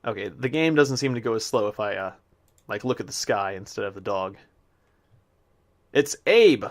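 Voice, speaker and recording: A man's voice: mid-range voice, expressive, normal speed, pauses often. A man giving casual commentary while he plays a game, chatting to the animals he meets and reading the game's text aloud. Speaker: gameplay commentator. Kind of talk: casual let's-play commentary.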